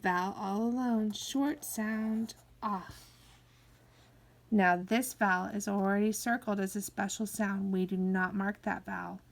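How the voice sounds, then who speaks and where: A woman teaching phonics to young children, sounding out each word slowly and coaxing them to follow along. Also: medium pitch, steady tone, vocal fry. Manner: slow, drawn-out sounding-out of words; coaxing, encouraging teacher talk. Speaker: kindergarten teacher.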